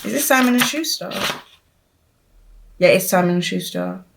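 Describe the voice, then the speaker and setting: A young woman talks her way through a pile of new books at home, full of ums, half-finished phrases and quick corrections. Her voice sits in an ordinary middle pitch, with a faint hiss of noise behind it. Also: expressive, creaky. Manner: chatty, trailing off with frequent ums and self-corrections. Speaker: book vlogger. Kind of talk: casual unboxing vlog.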